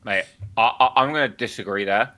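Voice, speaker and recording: A man's voice: on the low side, a little fast, bright, forceful tone. A young man co-hosting a podcast, talking bluntly in casual chat with lots of swearing and filler words. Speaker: podcast co-host.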